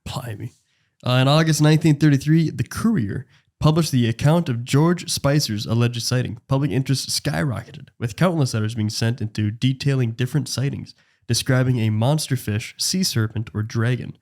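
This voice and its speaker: A man's voice: mid-range voice, brisk, darkish tone. A young man co-hosting a casual podcast, jokey and reading his notes aloud with stops and restarts. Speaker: podcast co-host.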